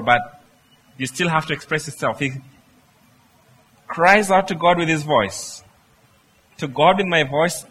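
Bright-voiced man preaching a sermon. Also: on the high side, husky, low-quality recording. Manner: reads scripture aloud, then explains it with rhetorical questions.

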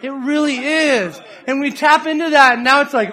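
High bright-voiced man preaching a sermon. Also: normal speed, hardly any pauses. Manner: animated, acts out laughs and voices of others.

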